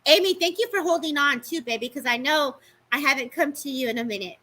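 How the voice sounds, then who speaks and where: A woman giving a live-streamed psychic reading, talking fast and affectionately to the people she reads, calling them baby and babes. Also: high voice, pushed and bright, low-quality recording. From California. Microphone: live-stream microphone.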